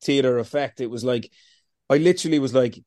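A man talks as a podcast guest, animated and blunt, swearing freely as he acts out his own inner talk. His voice sits at an ordinary middle pitch. It is recorded dry, with no room sound. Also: a little fast, no room sound. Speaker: interview guest. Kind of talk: casual storytelling.

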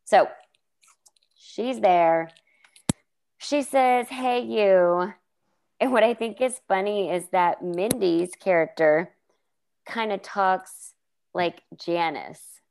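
A woman retells scenes from a show in casual conversation with her co-host. She tells it with animation and acts out the characters' lines. Her voice sits in a middle pitch range. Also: takes it slowly, creaky, pauses often, a little mellow, a little hiss or hum. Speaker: podcast co-host. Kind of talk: casual chat recapping a TV episode.

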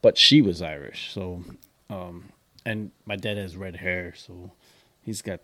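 A man's voice: deep voice, fairly even intonation, takes it slowly, sharp tone, no echo. A man co-hosting a podcast, telling rambling stories in casual chat and laughing at his own jokes. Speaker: podcast co-host.

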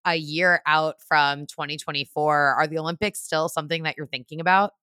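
Low-voiced woman interviewer, dry close sound. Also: steady tone, clean tone, no room sound. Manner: warm, affirming, measured. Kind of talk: interview hosting.

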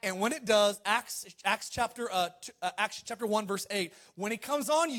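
Guy preaching, pretty high voice, goes loud then drops soft, keeps asking for amens. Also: normal speed, hardly any pauses. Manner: swings between loud calls and quiet asides, asks for amens. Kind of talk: sermon.

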